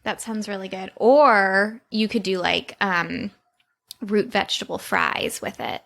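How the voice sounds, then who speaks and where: A woman's voice: medium pitch, fairly even intonation, a little slow, gravelly, fairly bright tone. A woman co-hosting a casual podcast, bubbly and teasing, laughing easily. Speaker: podcast co-host. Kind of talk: casual chat.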